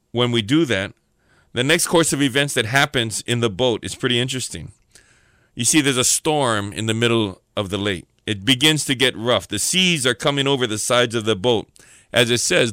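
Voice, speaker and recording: A man's voice: mid-range voice, a bit bright, dry recording. Preacher guy, middle-aged, reflective storyteller, dry close sound. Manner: storytelling, reflective, rhetorical questions. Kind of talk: sermon.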